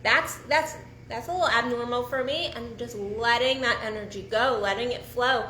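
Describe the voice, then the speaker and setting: Brief: bright, high-voiced woman coach, blunt and animated; roomy echo, faint background hum. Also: moderate pace. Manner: frank and profane, animated, restarts often. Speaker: sex and relationship coach. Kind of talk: casual solo talk to camera.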